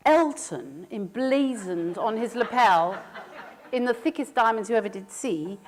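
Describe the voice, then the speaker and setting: Animated woman telling a tale. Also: on the high side, unhurried, music in the background. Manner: animated, laughing, theatrical asides. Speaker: pianist and storyteller. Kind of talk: anecdotal storytelling.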